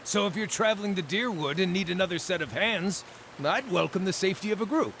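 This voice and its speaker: A man's voice: sits high, a little fast, gravelly, slight background noise, exaggerated voice. A man voicing a cheerful small male Orlan druid in a video game, talking with jovial relish, over game music. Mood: eager. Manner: jovial and relishing, lively sing-song delivery. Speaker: game character.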